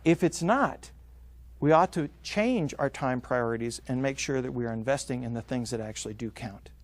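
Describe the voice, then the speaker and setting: A man giving an energetic motivational talk on time management, acting out quoted voices as he goes. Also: mid-range voice, moderate pace. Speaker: business speaker.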